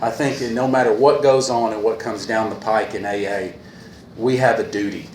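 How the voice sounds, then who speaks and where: Man, meeting speaker, low voice, sincere and halting, echoey hall recording. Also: fairly even intonation, a little mellow. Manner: earnest, repeats a refrain, halting with fillers. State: a little emotional. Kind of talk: personal talk at a meeting. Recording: echoey room with faint hiss.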